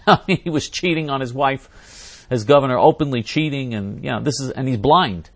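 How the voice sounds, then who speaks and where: A man's voice: medium pitch, normal speed. A man hosting a talk show, reading out listener questions and ranting indignantly, repeating himself and restarting his sentences. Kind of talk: angry ranting monologue.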